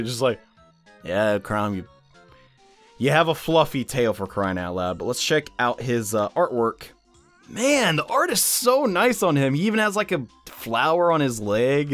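A young man hosting casual gaming commentary, excitable and chatty, with frequent exclamations. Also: mid-range voice. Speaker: YouTube gaming host.

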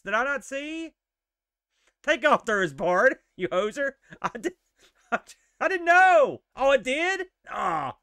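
A man giving casual, animated live-stream commentary while playing a retro game, exclaiming and joking at it. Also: sits high.

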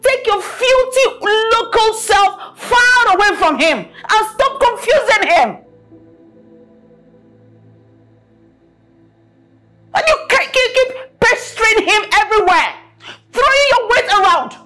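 A woman's voice: sits high, big pitch swings, takes it slowly, pauses often, faint music behind, full character voice. An actress playing a proud, angry wealthy mother who scolds with a Nigerian accent, often repeating herself. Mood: scolding. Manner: scolding, repeats herself, long dragged words. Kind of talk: Nollywood film acting.

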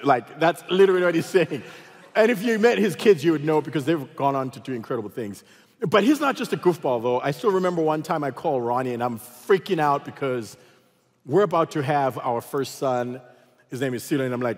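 Brief: male pastor, lively storytelling sermon, husky voice, long reverb of a big church hall. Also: fairly high pitch, normal speed. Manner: animated storytelling, acts out voices. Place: large church auditorium.

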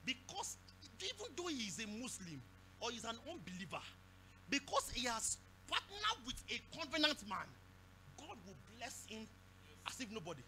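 A man with a Nigerian accent preaching a sermon at a church service, repeating phrases and breaking into shouts. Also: very high-pitched, huge pitch swings, normal speed, slight background noise. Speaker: pastor.

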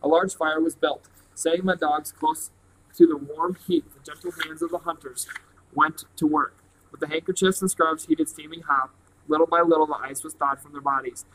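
A man reading a novel aloud in a plain, steady way. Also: fairly high pitch, normal speed, slight background noise, rough recording. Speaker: reader.

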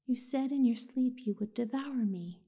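A woman voicing a lost and frightened young girl in a whispered storybook role-play, soft and pleading. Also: a little high, moderate pace, husky. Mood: uneasy.

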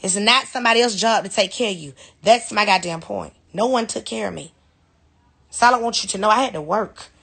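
A woman's voice: mid-range voice, a little fast, creaky, a bit bright, slightly rough. A woman ranting bluntly and defiantly on a live stream, swearing freely and laughing things off. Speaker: reality TV personality in a clip. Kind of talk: heated live-stream rant.

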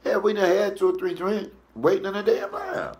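Lively storytelling comedian with a gravelly voice. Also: male voice, normal speed. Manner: animated, swoops into high falsetto for quoted voices, swears freely. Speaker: comedian cooking show host.

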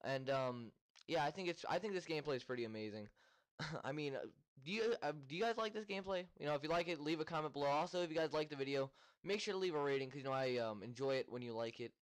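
A man's voice: fairly high pitch, fast. A young man recording casual gameplay commentary at home, rambling with many ums and mildly annoyed complaints. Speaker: gaming commentator. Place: home room.

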